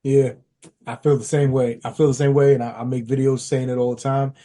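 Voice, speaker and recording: A man co-hosting a casual podcast discussion, talking in an animated, slangy, emphatic way. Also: a little fast. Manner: animated, acts out quotes with big pitch jumps. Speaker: podcast co-host.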